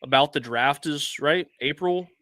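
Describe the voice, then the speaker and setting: A man's voice: fairly high pitch, measured pace, pushed and bright, dry recording. A man co-hosting a sports podcast, talking in a reflective, easygoing way with fillers. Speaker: podcast co-host. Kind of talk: casual podcast chat.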